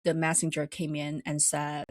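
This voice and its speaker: A woman's voice: monotone, normal speed, dry recording. A woman podcast host retelling a story in a rambling, casual way with plenty of fillers. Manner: rambling, many fillers, acts out quoted voices higher.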